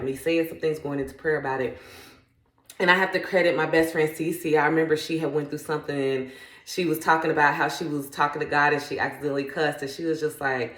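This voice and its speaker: This adult mother speaks in a deep voice in a reverberant space, offering faith-centered reflections as a self-help vlogger. She sounds sincere and chatty, with sentences that frequently drift into "like."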